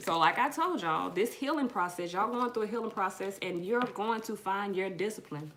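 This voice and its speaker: Animated slangy woman tarot reader. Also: medium pitch, normal speed. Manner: animated storytelling, slangy, swears, addresses viewers as y'all. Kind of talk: casual live tarot reading chat.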